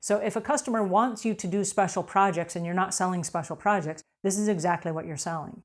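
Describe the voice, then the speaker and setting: A woman's voice: fairly low pitch, quick pace. A middle-aged woman hosting a cleaning advice show, talking in an upbeat and emphatic way and acting out little quotes as she goes. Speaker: host answering cleaning questions. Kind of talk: energetic advice show talk.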